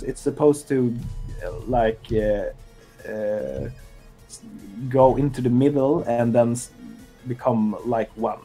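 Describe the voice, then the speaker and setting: A man's voice: medium pitch, lively intonation, slow pace, a little mellow, faint music behind, rough recording. A man chatting casually on a game dev stream, joking and laughing often, with many fillers. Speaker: streamer and indie game developer.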